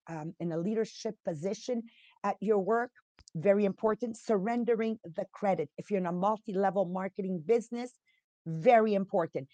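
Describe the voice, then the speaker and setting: A woman's voice: medium pitch, no echo. A woman in her fifties from Montreal with an English accent that carries Italian and French traces, hosting a casual motivational podcast in a chatty, emphatic way and asking the audience questions. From Montreal, Quebec. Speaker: podcast host and entrepreneur.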